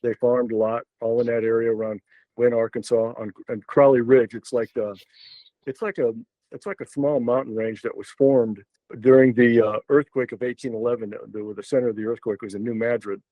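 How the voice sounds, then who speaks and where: As a guest on a podcast, an older man with a drawl tells a casual story, meandering through it with plenty of fillers, restarts, and asides. His middle-pitched voice stays level and moves fairly quickly. The lo-fi sound is close and dry, with no room around it.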